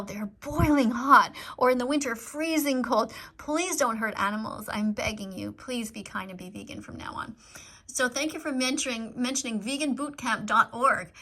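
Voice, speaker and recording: A woman's voice: high voice, bright, forceful tone. A middle-aged woman reading out live-stream comments in casual chat, earnest and pleading as she lectures her viewers.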